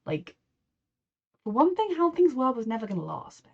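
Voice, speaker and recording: A woman's voice: on the high side, very animated, moderate pace, gravelly, slightly rough, muffled recording. A woman from England talking through a show reaction, emotional and rambling, slipping into mock voices to quote people. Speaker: reaction video host. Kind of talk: casual reaction commentary.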